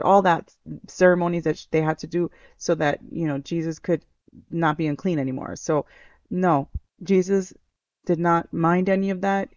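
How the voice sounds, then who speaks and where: A man's voice: fairly high pitch, steady tone, moderate pace, clean tone, no echo. A man hosting a devotional podcast, reflecting on a Bible passage in an earnest way, repeating key phrases with many fillers and restarts. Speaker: podcast host. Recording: dull, lo-fi, dry sound.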